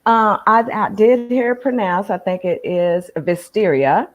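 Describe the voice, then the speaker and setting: A woman co-hosting a casual live stream, relaxed and slangy with plenty of fillers. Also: medium pitch, measured pace. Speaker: co-host.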